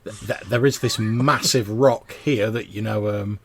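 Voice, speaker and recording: A man's voice: on the low side, steady tone, a little slow, gravelly, fairly bright tone, a little hiss or hum. A man running a tabletop game as game master, explaining rules and describing scenes in a loose, rambling way.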